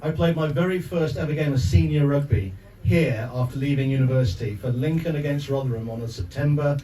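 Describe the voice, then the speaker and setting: A man's voice: a little high, brisk, warm tone. A man in his sixties giving a speech at a sports club, telling jokey anecdotes full of asides before presenting an award. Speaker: guest speaker presenting an award. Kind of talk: after-dinner speech. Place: clubhouse function room with an audience. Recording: echoey room, mic at a distance, crowd noise.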